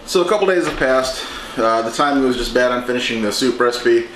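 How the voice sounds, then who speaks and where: A man hosting a home cooking show, talking through a recipe in a relaxed, chatty way as he works in his kitchen. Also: mid-range voice, fairly quick, a little hiss or hum. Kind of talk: casual cooking demonstration. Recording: echoey kitchen with clattering dishes.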